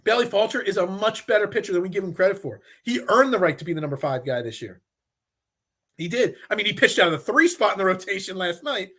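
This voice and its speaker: A male sports talk host who argues his points, stacking restarts and repeated phrases. His voice sits high and sounds bright and forceful. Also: fast. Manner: animated, repeats himself when making a point.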